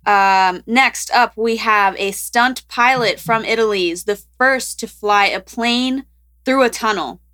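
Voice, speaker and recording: A woman's voice: a little high, measured pace, bright, forceful tone. A young woman co-hosting a podcast in casual chat, giggly and full of filler words. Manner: chatty, giggly, lots of "like" and "um". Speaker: podcast co-host.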